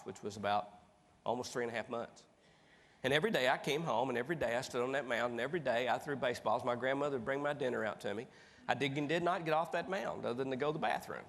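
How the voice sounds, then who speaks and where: A man from East Tennessee, telling stories as a motivational speaker in a folksy, animated way with big jumps in pitch. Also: fast. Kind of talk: storytelling keynote speech. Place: large conference hall stage. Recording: long reverb of a big hall.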